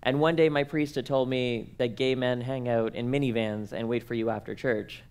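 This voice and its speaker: A man's voice: mid-range voice, steady tone, normal speed, darkish tone, clear, resonant tone. A young man, speaking at a workshop and telling comic personal stories in a playful, self-mocking way, acting out the dialogue.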